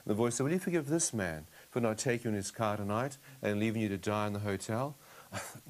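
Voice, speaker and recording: A man telling his story in a loose, conversational way, often checking in with "you know what I mean". He slips into his own remembered prayers as he speaks, at a middle pitch. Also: a little fast. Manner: relives the scene, acting out his own inner prayers. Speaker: guest giving a testimony.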